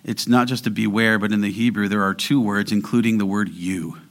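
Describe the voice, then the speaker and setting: A man preaching a sermon as pastor, moving between quiet explanation and loud, emphatic exhortation. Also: fairly low pitch, fairly even intonation, a little fast.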